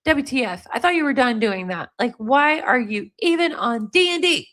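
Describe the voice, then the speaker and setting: A woman reading aloud the angry texts of an upset young woman to her boyfriend, in a rapid, exasperated way. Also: high-pitched, animated, fairly bright tone.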